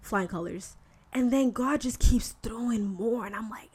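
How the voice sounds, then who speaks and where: A woman hosting a podcast and giving a casual faith talk monologue, candid and animated, with slangy asides. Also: mid-range voice, fairly quick, husky. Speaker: podcast host.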